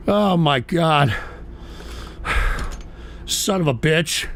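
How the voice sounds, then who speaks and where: A man hosting a live-stream radio show, ranting angrily at his chat and cursing and yelling at his audience. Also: on the high side, animated, very slow, creaky.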